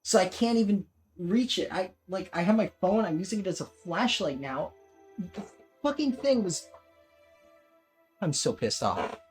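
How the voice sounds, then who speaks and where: A young woman streamer giving casual gameplay commentary at her home desk, swearing a lot and turning panicky and excitable. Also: on the low side, a little slow, slightly rough, soft background music. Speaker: gaming streamer.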